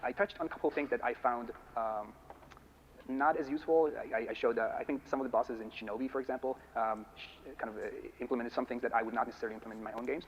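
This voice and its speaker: Male conference speaker, quick and halting Q&A answers, dull lo-fi sound, faint hiss. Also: medium pitch, fairly even intonation. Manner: thoughtful, halting, measured. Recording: muffled talk recording with faint hiss.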